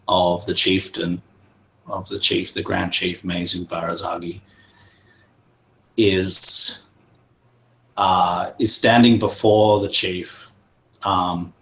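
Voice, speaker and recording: A man narrating as game master in a tabletop game, pausing often with fillers. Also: low-pitched, fairly bright tone, low-quality recording. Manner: hesitant, many pauses and fillers.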